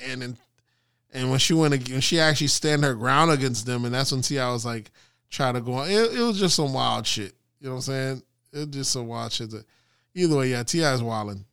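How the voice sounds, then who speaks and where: A man co-hosting a casual podcast, talking in an animated way, laughing often and swearing freely. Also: mid-range voice, a little fast, clear, resonant tone, dry recording, studio quality. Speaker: podcast co-host. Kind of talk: casual chat.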